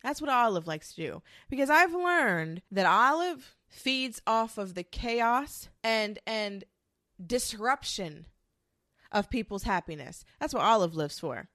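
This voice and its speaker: A woman's voice: on the high side, lively intonation, slow pace, bright, forceful tone, no room sound, studio quality. A young adult woman ranting in a sassy, profane monologue, mocking others with quoted voices.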